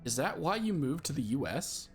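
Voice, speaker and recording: A man's voice: fairly high pitch, sing-song, normal speed, soft background music. A man casually commenting as he plays a game, reading dialogue choices aloud in an amused, chatty way. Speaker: gamer playing and commenting.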